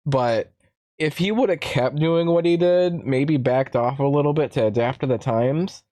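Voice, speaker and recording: A man's voice: fairly high pitch, moderate pace, warm tone, dry recording. A man hosting a casual stream, talking bluntly and defiantly in a rambling way at a close desk mic. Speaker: streamer host. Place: home streaming setup.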